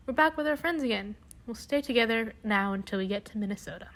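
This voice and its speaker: A woman's voice: on the high side, lively intonation, fast talker, fairly bright tone. A woman voicing a grave father figure who speaks in a firm, sorrowful way. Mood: hopeful. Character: grave, grieving family-friend father.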